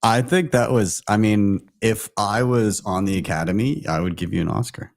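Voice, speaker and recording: Relaxed low-voiced male show host. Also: normal speed, creaky, dry recording, clean studio sound. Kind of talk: casual livestream chat.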